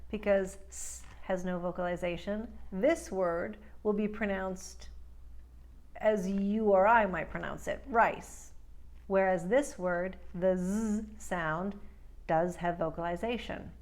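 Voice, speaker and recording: A woman speech coach teaching accent sounds, giving clear explanations and slowly modeling drill words. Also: on the low side, a little mellow. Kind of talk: accent lesson.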